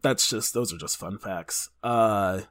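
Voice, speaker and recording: A man's voice: lowish voice, takes it slowly, fairly bright tone. A man chatting casually as a podcast guest, rambling through fillers and tangents. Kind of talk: casual chat.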